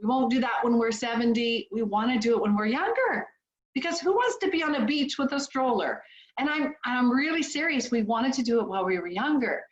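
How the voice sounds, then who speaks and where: A woman's voice: a little high, expressive, a little fast. A woman in her sixties from Canada with a Canadian accent, giving a heartfelt motivational talk as guest speaker on a video call. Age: 60s. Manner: earnest, heartfelt storytelling. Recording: echoey, dull video call audio.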